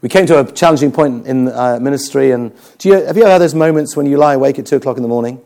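A man preaching a sermon, telling stories with jokes and an animated delivery. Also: mid-range voice, rapid-fire. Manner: animated, joking storyteller.

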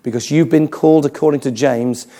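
A man preaching a sermon, moving between humour and hushed, serious storytelling. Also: fairly high pitch, brisk. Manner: animated, humorous preaching with dramatic quiet passages.

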